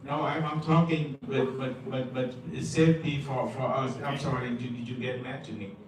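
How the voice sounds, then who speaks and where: A man giving a public comment at a meeting. He speaks in halting, repetitive broken English, stumbling over his words. His voice comes from far off in a big echoey hall with steady noise underneath. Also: mid-range voice.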